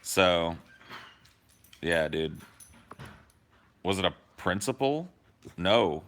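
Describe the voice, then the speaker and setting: A young man on a podcast, telling a story in casual, animated chat, swearing freely and acting out what people said. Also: deep voice, drawn-out words, slight background noise. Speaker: podcast co-host.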